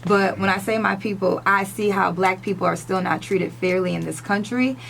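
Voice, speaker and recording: A woman's voice: medium pitch, normal speed, vocal fry, fairly bright tone, a little hiss or hum, poor audio. A woman from the United States co-hosting a radio morning show, speaking earnestly and emotionally, close to tears at times and repeating herself. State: crying at times.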